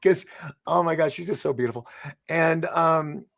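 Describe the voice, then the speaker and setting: A man's voice: on the high side, moderate pace, gravelly. A man hosting a live interview show, telling long stories in casual chat with frequent laughs and restarts. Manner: animated storyteller, laughs and restarts often. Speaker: show host.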